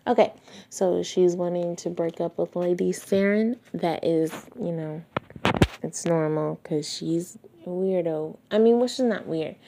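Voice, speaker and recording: Podcast reader, woman, slow and gravelly, wet mouth sounds, casual home recording. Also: on the low side, dark tone, a little hiss or hum. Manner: stops to correct misreadings and chats between passages. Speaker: podcast host reading a book aloud. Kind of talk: casual read-aloud of a novel with asides. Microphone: home recording, not studio-soundproofed.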